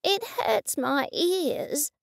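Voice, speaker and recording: A woman voicing a vague, rambling elderly man in his eighties in a storybook reading, speaking slowly and softly. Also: high voice, big pitch swings, vocal fry, no echo, clean studio sound, voice pushed up, full character voice. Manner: slow, soft, rambling.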